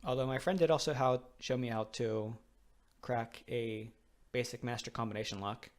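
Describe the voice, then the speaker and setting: A man's voice: mid-range voice, steady tone, normal speed. A young man giving casual, rambling commentary while playing a video game, swearing loosely. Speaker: let's play host.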